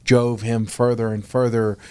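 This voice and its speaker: Slow, flat-voiced male podcast host. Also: mid-range voice, smooth, no room sound. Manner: slow, measured summarizing. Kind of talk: interview.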